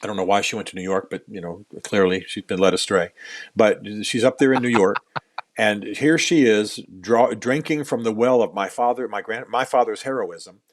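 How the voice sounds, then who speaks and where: On a podcast, a middle-aged male author with a lowish voice tells his stories earnestly, and there's no echo on the recording. He tends to repeat words as an argument builds and pokes dry fun at himself.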